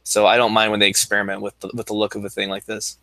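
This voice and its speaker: A man co-hosting a casual podcast, relaxed, giving quick verdicts on games. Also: fairly low pitch, no echo. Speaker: podcast co-host. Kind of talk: casual chat.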